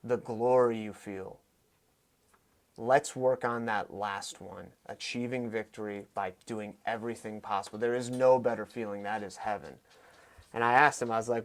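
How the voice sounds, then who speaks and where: A man in his thirties, a fight coach and podcast guest, telling stories in an animated, emphatic way with quick bursts of speech. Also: fairly low pitch. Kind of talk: conversational storytelling.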